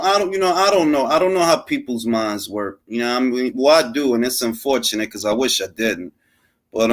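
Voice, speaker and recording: A man hosting a late-night boxing talk show, rambling casually with lots of slang and swearing. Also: a little high. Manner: animated, rambling and profane, full of fillers and slang. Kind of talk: casual unscripted commentary.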